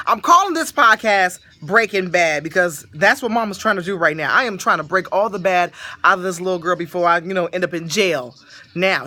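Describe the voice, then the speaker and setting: A woman hosting a casual podcast, telling a story in an animated way and laughing often. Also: mid-range voice. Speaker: podcast host.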